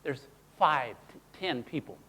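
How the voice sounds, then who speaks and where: A man presenting a teaching seminar, who talks in an animated way and acts out his examples in character voices. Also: medium pitch, slow, slightly rough. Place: presentation room. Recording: long hall reverb.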